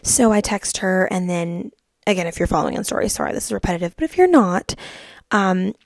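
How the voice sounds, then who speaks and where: A woman's voice: lowish voice, lively intonation, fairly quick. A young woman hosting her podcast, telling a dating story in a gossipy, chatty way with lots of "like"s. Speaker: podcast host. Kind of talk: casual chat.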